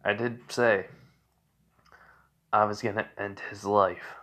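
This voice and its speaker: A man voicing a menacing teenage boy with dark powers, low and half-whispered. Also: little pitch movement, slow.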